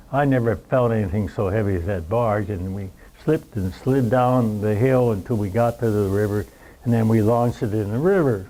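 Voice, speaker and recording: Elderly male veteran, mellow darkish tone, meandering storyteller who plays out the moments. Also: on the low side, slight background noise, rough recording. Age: 90s. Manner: rambling storyteller who acts out the scenes. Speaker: veteran recounting war memories. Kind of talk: spoken war reminiscence at a roundtable.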